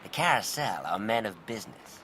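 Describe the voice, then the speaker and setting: An actor playing a smug, insulting upper-class English spy villain in a comic radio drama, with a pompous, sneering manner. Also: male voice, lowish voice, expressive, a little fast, bright, forceful tone, slight background noise.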